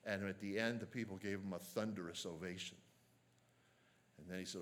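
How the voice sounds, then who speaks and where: A man preaching a sermon as a pastor, earnest and measured, slowing down to stress quoted lines. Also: low-pitched, steady tone, fairly bright tone.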